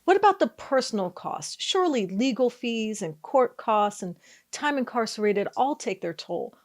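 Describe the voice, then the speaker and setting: A woman journalist hosting an interview, asking questions in a measured way. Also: a little high, big pitch swings, darkish tone. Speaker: journalist host.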